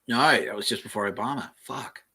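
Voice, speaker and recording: A man hosting a casual solo podcast, reading aloud from the web and thinking out loud in a rambling way, with the odd swear. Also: lowish voice, fairly quick, slightly rough. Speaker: podcast host.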